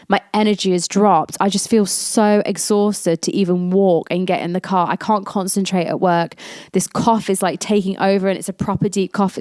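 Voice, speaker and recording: A woman's voice: lowish voice, a little mellow, dry recording, studio quality. A woman, hosting a podcast and candidly telling a personal story in a chatty way, acting out the lines of the people in it. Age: 20s. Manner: candid and chatty, acts out quoted dialogue. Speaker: podcast host.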